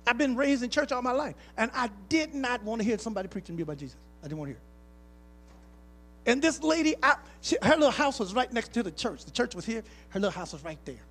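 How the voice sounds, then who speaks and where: High-voiced pastor preaching with swing. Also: male voice, expressive, quick pace, a bit bright. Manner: preacher's call-and-response, folksy, rising to emphatic. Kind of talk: sermon with personal stories. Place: church sanctuary.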